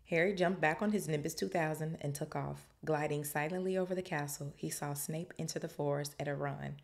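Low-voiced woman reading a book aloud. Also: a little fast, vocal fry. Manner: animated, joking asides in casual slang. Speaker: podcast host reading aloud. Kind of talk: book reading with casual commentary.

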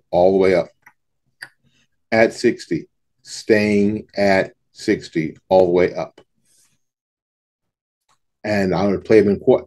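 Guy with a lowish voice giving sax tips, folksy, repeats stuff, scats the beats. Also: a little mellow. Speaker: saxophone teacher. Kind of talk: casual instructional talk to camera. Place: home studio in front of a backdrop.

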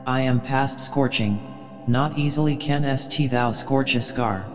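A man reading an audiobook, voicing a scarred old ship's blacksmith who speaks calmly and with sad resignation. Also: mid-range voice, measured pace, big-room sound, soft background music, lightly acted. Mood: resigned. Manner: calm and sadly resigned.

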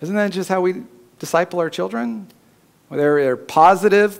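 Man preaching, higher-pitched voice. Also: moderate pace, gravelly. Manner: preaching, rising loud and high when voicing God's words. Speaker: pastor. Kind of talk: sermon. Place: church.

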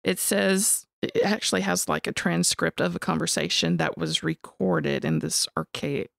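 A woman co-hosting a podcast, telling a story in an animated, casual way and swearing freely. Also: on the low side, moderate pace, gravelly, dry recording, studio quality. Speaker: podcast co-host.

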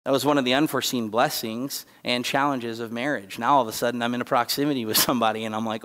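In a church sanctuary, a man gives a sermon as guest speaker, talking at a quick pace with few pauses in a mid-range, steady, slightly bright voice. He's emphatic and conversational, with asides and restarts, and he's holding back tears; the audio has church hall reverb.

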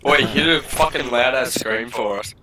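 A man's voice: medium pitch, moderate pace, noisy background. A young man in casual gaming voice chat, trading crude jokes with his teammates. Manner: crude joking banter. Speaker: gamer teammate. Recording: loud game gunfire over voice.

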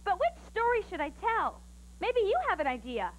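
A woman's voice: very high-pitched, sing-song, moderate pace, slight background noise. A woman hosting and telling stories on a children's TV show, in a bubbly, sing-song way. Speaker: children's TV host and storyteller.

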